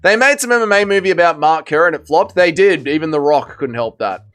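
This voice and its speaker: An Australian man hosting a livestream in casual chat, wry and self-mocking and quick to protest as he reads out chat messages. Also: a little high, lively intonation, a bit bright, smooth. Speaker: livestream host.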